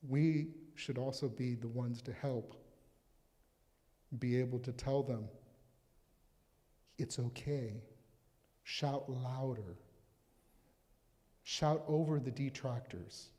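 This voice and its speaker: Mellow-voiced pastor preaching in a church. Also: male voice, mid-range voice, takes it slowly, long pauses, in a large hall. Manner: conversational, reflective, reads scripture aloud. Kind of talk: sermon at a live church service. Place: church sanctuary.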